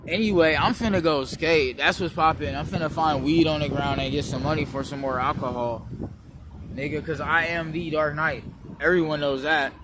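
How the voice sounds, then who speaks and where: Dude from west oakland rambling on his vlog outside, cussing a lot, voice kinda high for a guy, some faint street noise. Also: fairly even intonation, moderate pace. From West Oakland, California. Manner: loose, profane street slang, meandering. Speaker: vlogger. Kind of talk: rambling casual monologue.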